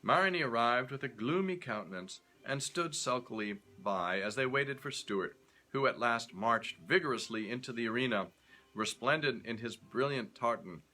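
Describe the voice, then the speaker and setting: Brief: male storyteller, expressive read-aloud, lively pitch. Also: normal speed. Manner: expressive, acts out the characters. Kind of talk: reading a short story aloud.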